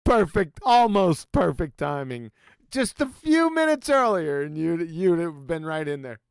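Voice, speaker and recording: A man hosting a live stream in a slow, wry, amused way. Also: fairly high pitch, big pitch swings, gravelly, clean tone, no echo, clean studio sound. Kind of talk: casual chat.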